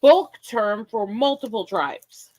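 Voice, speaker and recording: A woman's voice: fairly high pitch, lively intonation, slow, darkish tone, no echo. A woman speaking in a casual chat, blunt, profane and opinionated. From United States.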